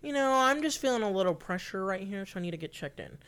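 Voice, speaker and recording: A woman's voice: mid-range voice, lively intonation, fast talker, fairly bright tone, clean tone, voice pushed up. A man putting on the voice of a barely pregnant woman casually checking in at a hospital desk, talking lightly and understated.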